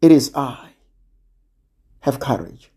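A preacher voicing Jesus calmly reassuring frightened disciples, slow and soft. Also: medium pitch, husky, voice pushed down, heavily acted.

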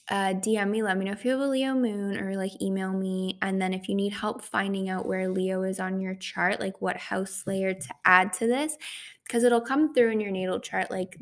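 A young woman talks through her solo astrology podcast in a loose, chatty way, leaning on fillers and quick asides. Her voice has a gravelly, fry-laden texture at a middle pitch. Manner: chatty, full of "like" and "right?" fillers. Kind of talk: casual solo podcast talk.

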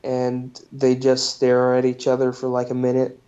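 A man's voice: mid-range voice, completely flat delivery, moderate pace, mellow. A man hosting a podcast, casually recapping a movie's plot in a loose, profane way with lots of fillers. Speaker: podcast host. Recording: dull lo-fi recording.

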